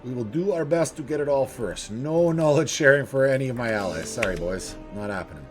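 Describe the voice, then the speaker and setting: A man thinking out loud while he plays a strategy game, chatting casually with the odd chuckle. His pitch moves a lot, rising and dipping with each thought. Faint music plays underneath. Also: animated, a little fast. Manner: thinks aloud, chuckles, talks to himself. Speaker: gaming video host.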